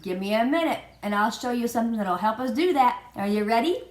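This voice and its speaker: A woman preschool teacher giving a children's virtual lesson, prompting slowly in a sing-song way and spelling out letters. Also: on the high side, expressive. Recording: echoey room.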